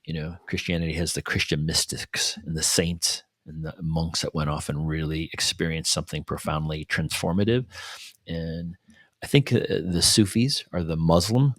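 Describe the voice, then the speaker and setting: A man's voice: very deep voice, steady tone, normal speed, dry recording, clean studio sound. A man co-hosting a podcast, talking in a reflective, casual way and often checking in with "you know" and "right?". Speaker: podcast co-host. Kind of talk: casual conversational podcast talk.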